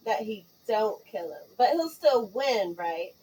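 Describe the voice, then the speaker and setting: A woman's voice: on the high side, sing-song, unhurried, dark tone, breathy edge, poor audio. A woman playing a tabletop game, talking casually and enthusiastically with some swearing. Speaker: player.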